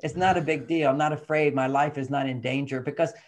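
An older man talks through relationship advice as a podcast guest, his voice sitting a little high for a man. He tells stories with energy and acts out the lines of the people in them. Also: a little fast. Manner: animated storytelling, acts out quoted voices. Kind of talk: casual interview chat.

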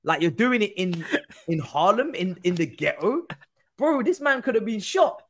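A man telling an animated story in casual chat, acting out other people's voices. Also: high voice, normal speed, slight background noise. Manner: animated, acts out quoted voices. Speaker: guest football pundit.

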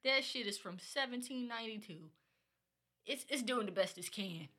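A woman chats on a podcast as a guest, cracking blunt jokes. Her voice is bright and sharp. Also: a little high, expressive, normal speed. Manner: wisecracking, blunt asides. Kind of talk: casual chat.

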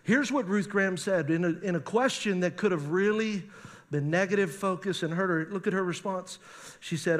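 A middle-aged male pastor preaching a sermon on marriage, animated and acting out spouses' voices. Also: sits high, moderate pace.

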